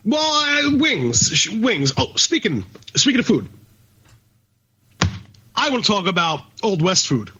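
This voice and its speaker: A man with a Philadelphia accent and a notably high voice rambles through casual podcast banter. He swears freely and wanders off on tangents. The recording sounds dull and lo-fi. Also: huge pitch swings, a little slow, pauses often, fairly bright tone, breathy edge. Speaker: podcast co-host.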